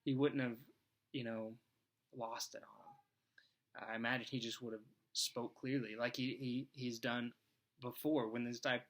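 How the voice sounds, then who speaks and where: A man's voice: mid-range voice, sharp tone. A man reading scripture aloud and reflecting on it in an earnest, conversational devotional talk, thinking aloud as he goes. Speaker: devotional speaker.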